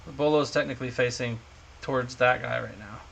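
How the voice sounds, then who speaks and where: Bright-voiced man running a tabletop game. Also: mid-range voice, fairly even intonation, a little fast, creaky, a little hiss or hum. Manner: chatty, laughs often. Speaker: game master. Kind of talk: casual tabletop game narration. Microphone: home streaming mic.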